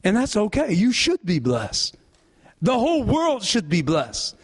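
A male pastor preaching a sermon, leading the congregation in call-and-response. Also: fairly bright tone. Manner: call-and-response preaching, rising and falling in pitch.

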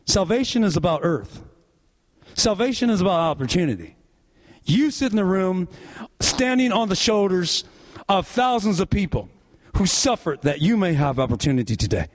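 A man's voice: very animated, moderate pace. A male pastor preaching a sermon, leading the congregation in call-and-response. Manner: call-and-response preaching, rising and falling in pitch.

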